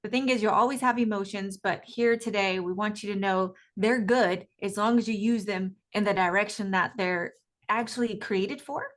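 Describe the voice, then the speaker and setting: A woman's voice: mid-range voice, normal speed. A woman guest coach speaking energetically in an interview, emphatic and often laughing. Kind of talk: enthusiastic interview talk.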